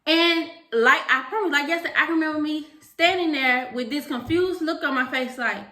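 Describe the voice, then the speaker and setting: A woman's voice: high-pitched, animated, moderate pace, hardly any pauses, pushed and bright. A woman, telling stories animatedly in casual chat and often laughing. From Alabama, US. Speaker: co-host. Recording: roomy echo.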